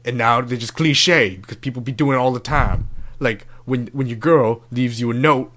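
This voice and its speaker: A brash, crude love-advice doctor, put on by a young man for a comedic podcast bit. He talks in swaggering, profane slang at an ordinary middle pitch. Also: normal speed, fairly bright tone, close to an everyday voice.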